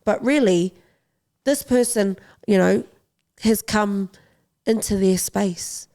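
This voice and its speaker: Woman, young adult, podcast interview guest, boxing champion, gravelly voice, impassioned and pleading. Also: mid-range voice, takes it slowly, dark tone. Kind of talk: podcast interview, personal story.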